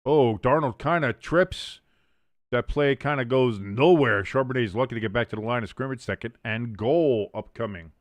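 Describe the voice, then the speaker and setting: A man hosting a live watch-along stream, calling the plays casually and jumping sharply in pitch and volume on big moments. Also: normal speed, no echo. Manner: mumbles and scats to himself while thinking. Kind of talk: casual live play-by-play commentary.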